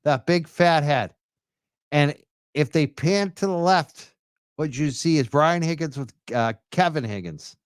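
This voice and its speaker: A man's voice: on the high side, unhurried, smooth, dry recording, studio quality. A man giving crude, sarcastic running commentary over event footage, often laughing.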